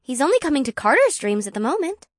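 A woman's voice: high-pitched, big pitch swings, fast talker, no room sound, clean studio sound. A woman voicing a worried, caring young woman who speaks earnestly.

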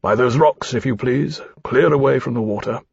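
A man's voice: medium pitch, moderate pace, creaky, slightly rough, dry recording. A man voicing a firm, formal captain who speaks in a clipped, courteous way. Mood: quiet. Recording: dull dry studio sound.

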